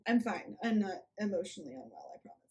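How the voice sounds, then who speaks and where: A woman's voice: mid-range voice, lively intonation, quick pace, warm tone. A young woman giving a sarcastic, casual rant review of a book, with snarky asides.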